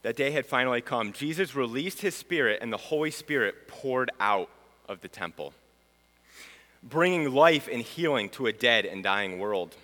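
Bright-voiced preacher in a reverberant hall. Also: male voice, medium pitch, animated, moderate pace. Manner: dramatic, swings from loud proclamation to hushed. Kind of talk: sermon teaching.

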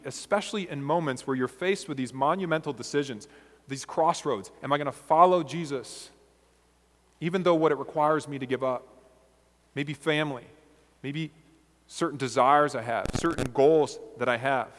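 Earnest man preaching in a reverberant hall. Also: fairly high pitch. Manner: earnest, measured preaching with rhetorical questions. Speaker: pastor. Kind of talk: sermon.

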